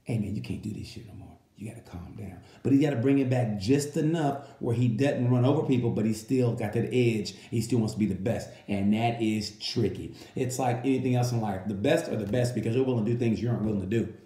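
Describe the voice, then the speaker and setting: A man giving a casual, rambling comedic monologue that reviews a motorcycle race, full of animated asides. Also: mid-range voice, fairly quick, few pauses, echoey room.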